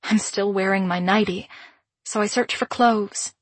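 A woman narrating a first-person audiobook in a measured, introspective way. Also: medium pitch, fairly even intonation, husky, no echo.

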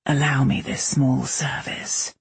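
A woman voicing a brooding, protective young man who talks in a low, growling mutter. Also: a little slow, breathy edge, no echo, full character voice.

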